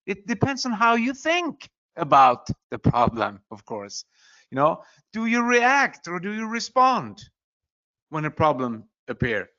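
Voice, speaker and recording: This motivational speaker has a high, bright male voice with wildly swooping pitch, and he talks a little slowly. His earnest pep talk leans hard on its points and is sprinkled with "you know" asides, captured on a slightly dull, lo-fi recording.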